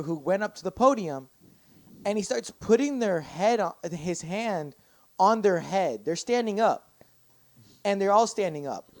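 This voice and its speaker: A man's voice: high voice, no room sound. A young man, a podcast guest, telling a long rambling story in casual chat, swearing constantly and stacking fillers. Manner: profane, rambling and animated, many fillers.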